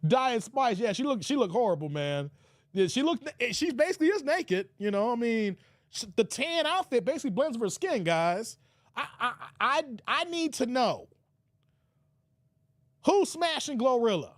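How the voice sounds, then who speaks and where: A man hosting a casual livestream, reading chat comments in an animated way, with stuttered repeats and frequent laughter. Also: very high-pitched, normal speed, no room sound, studio quality. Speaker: livestream host.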